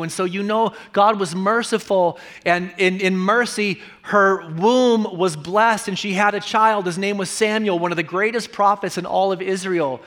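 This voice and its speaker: Pastor, male, higher voice, earnest conversational sermon delivery with frequent repetition. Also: fairly even intonation, normal speed, few pauses, fairly bright tone.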